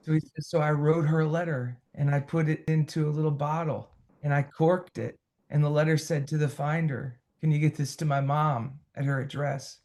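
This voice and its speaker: Gravelly-voiced man telling a story. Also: on the high side, moderate pace. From United States. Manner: animated storyteller, quoting others in his own voice. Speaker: podcast guest, singer-songwriter. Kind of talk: storytelling in a conversational interview.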